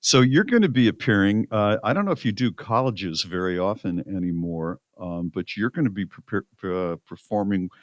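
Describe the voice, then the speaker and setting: Male co-host with a lively, swooping voice. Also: on the low side, moderate pace, few pauses, no echo, clean studio sound. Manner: warm interjections and short questions to the guest. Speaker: podcast co-host. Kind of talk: casual interview chat.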